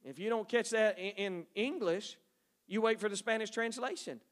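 Folksy man missionary, high voice. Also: moderate pace. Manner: folksy, storytelling, addresses audience as y'all. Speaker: missionary speaking at a church. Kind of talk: folksy church talk with stories.

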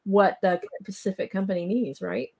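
A woman hosts a podcast, putting eager, brisk questions to her guest. Her voice sits at an everyday middle pitch. She talks in a casual, conversational way. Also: vocal fry, darkish tone, breathy edge. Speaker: podcast host. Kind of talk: interviewing a guest.

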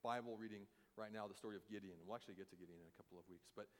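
A man preaching a sermon as a pastor, animated and acting out the voices of the people he quotes. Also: fairly low pitch, racing. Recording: long hall reverb.

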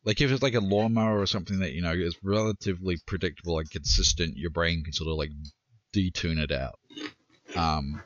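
A man co-hosting a podcast in casual chat, explaining things in a measured way. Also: deep voice, muffled recording, a little hiss or hum. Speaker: podcast co-host.

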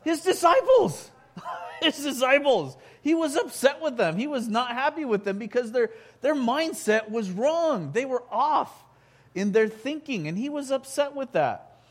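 A man preaching a sermon in a halting way, full of restarts, building to loud emphatic peaks. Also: very high-pitched, expressive.

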